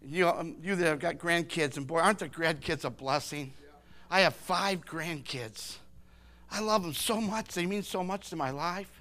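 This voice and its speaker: An older man preaching a sermon, impassioned, swinging from hushed words to shouting. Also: on the high side, normal speed.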